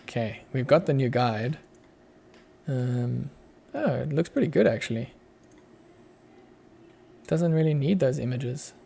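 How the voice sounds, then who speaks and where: Australian dev streamer, young guy, low mellow voice with a gravelly edge, thinks out loud. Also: unhurried, pauses often. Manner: muttering to himself while working, chuckling. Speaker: streamer, app developer. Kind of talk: casual live coding stream.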